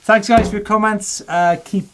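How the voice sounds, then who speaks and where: A man's voice: high voice, steady tone, normal speed, fairly bright tone, a little hiss or hum. A middle-aged man hosting a studio chat show, joking and reading out viewer comments. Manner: jokey, reads out viewer comments. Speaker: show host.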